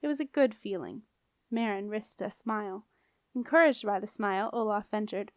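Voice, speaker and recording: A woman narrating a children's storybook chapter in a calm, clear, expressive reading voice. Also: medium pitch, moderate pace, no room sound, studio quality. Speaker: audiobook reader.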